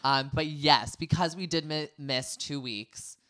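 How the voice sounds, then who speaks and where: Bright-voiced playful male podcast host. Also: a little high, unhurried, no room sound, clean studio sound. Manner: playful, upbeat, apologetic to listeners. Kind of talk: casual chat.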